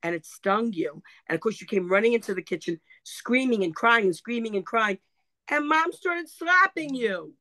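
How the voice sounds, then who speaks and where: A woman recalls family memories in a loose, rambling way, stopping often to search for words. Her voice is bright and forward. The sound is dry and close. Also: medium pitch, brisk, hardly any pauses, dry recording. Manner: storytelling with many fillers. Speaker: relative sharing memories. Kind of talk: casual reminiscing chat.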